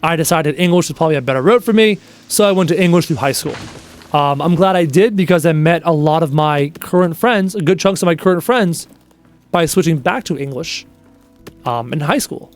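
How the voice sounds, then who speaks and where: A man's voice: a little high, animated, brisk, soft background music. A young Canadian man streaming a game and chatting casually with viewers in a rambling, joking way. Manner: rambling, chatty, jokes and bursts into quoted bits.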